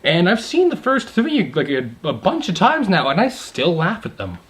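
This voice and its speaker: A young adult man giving a casual video movie review, excited and rambling, with many asides and fillers. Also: high-pitched, normal speed.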